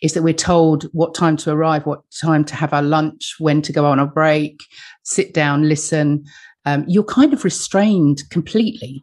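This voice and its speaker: A woman's voice: low voice, a little mellow. A woman, a voice coach with an acting background, talking animatedly in an interview and often restarting her phrases. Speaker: voice coach and guest. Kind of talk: conversational interview talk.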